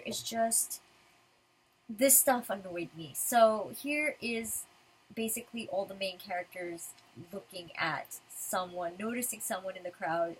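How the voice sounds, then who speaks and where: A woman's voice: mid-range voice, slightly rough, poor audio. A woman giving casual commentary as a manga reviewer, ranting in frustration.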